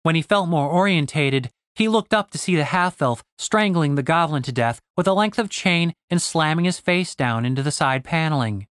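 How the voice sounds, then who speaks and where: A man reading a fantasy novel aloud in a steady storytelling voice. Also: fairly high pitch, normal speed, hardly any pauses, dry recording, clean studio sound. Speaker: audiobook narrator. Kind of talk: scripted fantasy narration.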